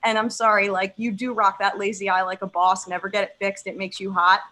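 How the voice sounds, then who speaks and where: A young woman performing a stand-up set on a video call, emphatic and profane, pausing like a preacher between lines. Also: medium pitch, flat delivery, bright, forceful tone, rough recording. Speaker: stand-up comedian.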